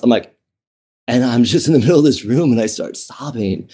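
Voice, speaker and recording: Speaking as an interview guest, this man shares his personal history openly and with emotion. His medium-pitched voice is mellow and relaxed with a breathy edge, and his speech is full of restarted phrases and fillers like "um" and "you know."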